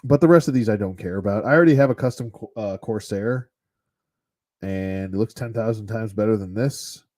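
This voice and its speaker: Man, toy collector, casual unscripted review, rambling, blunt, mellow tone. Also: lowish voice, fairly quick. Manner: rambling and blunt, with mild cursing.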